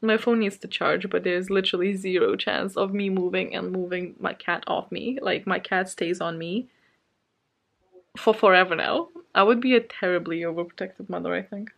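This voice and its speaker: A woman's voice: lowish voice, steady tone, normal speed, creaky. Woman book vlogger, casual chat from bed at home; anxious and shaken, rambling delivery with fillers and nervous laughs.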